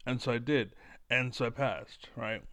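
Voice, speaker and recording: A man talking casually to camera in a rambling, blunt and self-assured way, with a smooth voice. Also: mid-range voice, normal speed, pushed and bright, dry recording. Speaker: online commentator.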